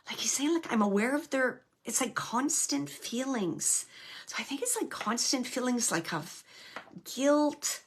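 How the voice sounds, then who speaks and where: A woman's voice: high-pitched, lively intonation, unhurried, slightly rough. A woman hosting a show and giving a live mediumship reading, searching for words with many restarts.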